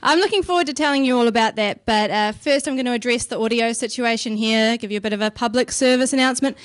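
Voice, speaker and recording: A woman's voice: a little high, quick pace. A young woman with a New Zealand accent doing a stand-up comedy set, wry and sarcastic, swearing casually. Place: comedy club stage.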